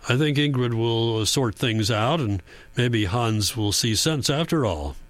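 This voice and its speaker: A man narrator voicing a gruff older friend who grunts, clears his throat and speaks haltingly. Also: mid-range voice, expressive, no room sound, natural voice.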